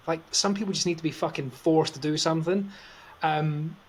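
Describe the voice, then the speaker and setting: Male podcast co-host, relaxed storyteller, lightly raised pitch, faint background hiss. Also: moderate pace. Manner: swears freely, acts out quotes, laughs often. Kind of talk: casual storytelling chat.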